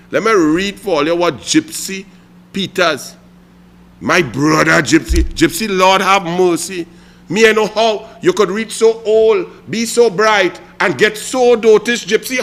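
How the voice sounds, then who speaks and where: A man with a Trinidadian accent and a fairly bright, high-sitting voice delivers mocking political commentary. He's theatrical and taunting, needling his target again and again.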